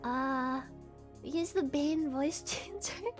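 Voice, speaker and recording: A woman's voice: sits high, slow pace, faint music behind. A woman streamer in casual chat, giggly and rambling, with lots of "like" fillers.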